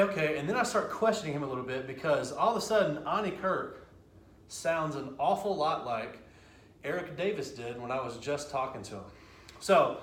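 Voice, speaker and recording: A man giving a storytelling speech on stage, lively and conversational, with quick asides. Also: fairly high pitch. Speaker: speaker. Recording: echoey hall.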